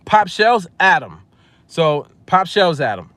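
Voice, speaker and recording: A man, telling a story casually to camera, animated, repeating phrases and chuckling often. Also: fairly high pitch, takes it slowly, no echo. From Long Island, New York. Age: 40s. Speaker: music producer and vlogger.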